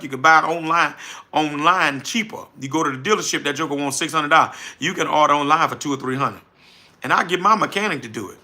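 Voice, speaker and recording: A middle-aged man with a New Orleans accent holds a casual livestream and talks straight to his viewers. His voice is very bright and pitched a bit high, and his delivery is folksy and animated. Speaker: livestream host, trucking business owner.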